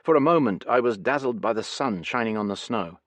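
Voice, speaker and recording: A man reading a history audiobook in a measured, even scripted narration. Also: mid-range voice, no echo.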